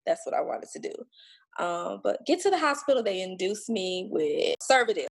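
A woman with a husky, slightly breathy voice tells her story as a guest. She is blunt and emphatic, swears freely and acts out what others said to her, at a middling pitch. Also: sing-song, normal speed. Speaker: podcast guest sharing her birth story. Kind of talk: casual storytelling.

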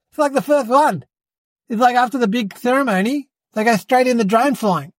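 Here's a comedic monologue where an adult voices a boastful little boy hosting a podcast, who rambles, fibs and keeps saying "mate". The pitch is medium, the pace moderate, the voice natural and the recording dry.

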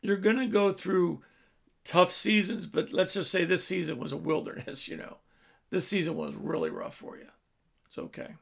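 A man preaching a sermon, telling a story with his voice swelling loud and dropping low. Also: lively intonation, moderate pace, gravelly.

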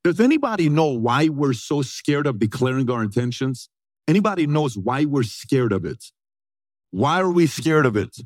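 A man in his forties telling a story to an audience, energetic and punchy, often throwing questions back at them. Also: medium pitch, normal speed, no room sound. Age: 40s. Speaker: motivational speaker.

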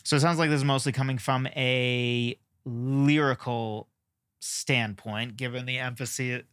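A man's voice: medium pitch, fairly even intonation, unhurried, fairly bright tone, smooth, no echo. Rambling man with a dry close sound. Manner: rambling, self-deprecating, frequent fillers. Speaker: podcast host. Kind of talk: casual solo podcast talk.

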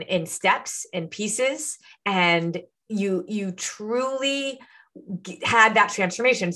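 A woman's voice: mid-range voice, pushed and bright. A woman who hosts as a nutrition coach, encouraging and persuasive as she interviews a client.

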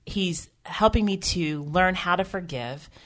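Woman, podcast co-host, low-pitched, earnest, emotional, rambling delivery. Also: measured pace. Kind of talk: candid faith podcast conversation.

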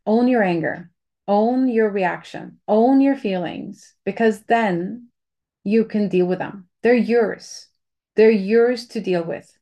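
A woman's voice: mid-range voice, slow, mellow, highs cut off. A woman giving casual, candid advice on handling anger, chatty, with many fillers and restarts.

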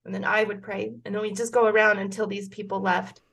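A woman's voice: mid-range voice, level tone, fast, vocal fry, a bit bright, slightly rough. A woman in her forties telling a personal story as a podcast guest, earnest and emotional, with frequent restarts. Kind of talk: casual conversation.

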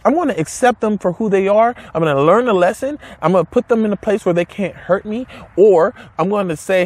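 A man's voice: high voice, brisk, hardly any pauses, darkish tone. A man giving an emphatic, casual motivational talk to camera, repeating his points and asking rhetorical questions, with blunt wording. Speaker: motivational speaker.

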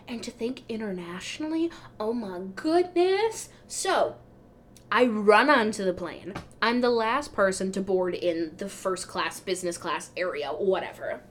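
A woman hosting a podcast, telling a travel story in a casual, animated way, her voice jumping up when she gets excited. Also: mid-range voice, unhurried, a little hiss or hum. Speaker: podcast host.

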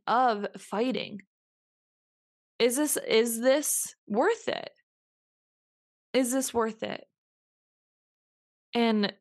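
Young woman hosting her own show; earnest, reflective solo talk, circling back and restarting lines for emphasis. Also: mid-range voice. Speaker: podcast host.

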